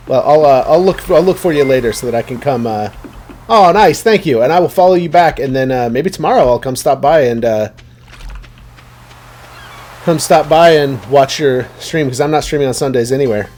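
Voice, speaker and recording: A man's voice: mid-range voice, expressive, normal speed, a little mellow, a little hiss or hum. A man chatting casually while streaming a game, rambling and talking to his viewers. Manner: rambling, chatty, many fillers and restarts.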